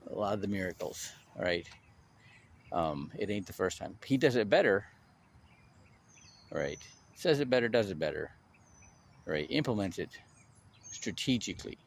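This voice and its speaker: A man talking casually on his own channel, an animated storyteller who restarts his sentences often and stresses his points. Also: on the low side, creaky, a little hiss or hum.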